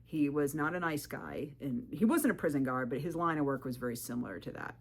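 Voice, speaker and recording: A woman telling her hiking stories to the camera in a vlog, animated and firm, jumping up in pitch when she quotes people. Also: a little fast. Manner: firm and direct. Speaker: thru-hiker vlogger. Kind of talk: storytelling vlog advice.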